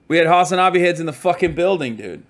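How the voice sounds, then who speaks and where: Tired, profane man telling stream stories. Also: on the high side. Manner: profane, animated storytelling with mock quotes. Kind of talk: casual stream chat. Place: hotel room.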